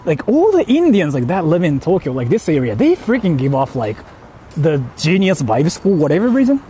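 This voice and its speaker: A man's voice: a little high, wildly swooping pitch, normal speed, dark tone, a little hiss or hum. A man streaming live while walking outdoors, chatting casually and rambling between laughs as he reads out viewer donations.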